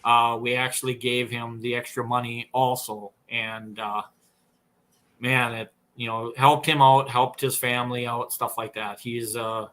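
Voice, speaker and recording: A man's voice: medium pitch, little pitch movement, unhurried, fairly bright tone. A man with an Upper Midwest American accent, a snowmobile tuner telling long, rambling stories as a podcast guest, full of fillers and restarts. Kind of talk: casual storytelling interview.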